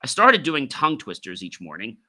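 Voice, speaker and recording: A middle-aged man hosts a solo podcast, his voice very bright and forceful. His pitch swings widely, and he leans hard on key words with sudden bursts of volume. He sounds like a coach giving practical advice. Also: fairly quick. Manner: animated, emphatic, with sudden pitch and volume jumps. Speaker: podcast host. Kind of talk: solo podcast talk on speaking skills.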